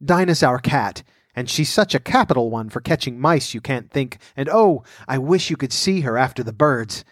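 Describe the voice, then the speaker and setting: A man's voice: medium pitch, animated, moderate pace, dry recording, studio quality, natural voice. A man voicing Alice, a polite, curious young girl, in a storybook reading. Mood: eager. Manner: eager, pleading, raised voice.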